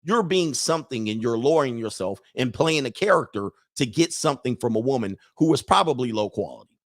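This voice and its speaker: A man's voice: mid-range voice, animated, fairly quick. A man hosting a show of dating advice for men, talking in a blunt, preachy casual monologue and laughing at his own points. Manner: acts out other people's lines in put-on voices.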